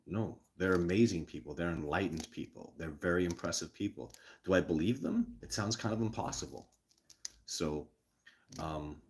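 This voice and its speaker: A man hosting a live stream, answering chat questions in an excitable, emphatic way, repeating words and restarting sentences, with loud bursts on sudden words. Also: low-pitched, a little hiss or hum. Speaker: host of a live show.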